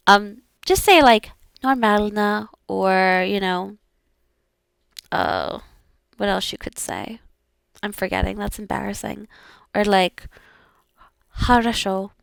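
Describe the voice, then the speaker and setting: Woman VTuber, casual rambling learner, giggly, unhurried delivery. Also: mid-range voice, gravelly, smooth, dry recording. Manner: rambling and giggly, many fillers. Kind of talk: casual language-practice stream.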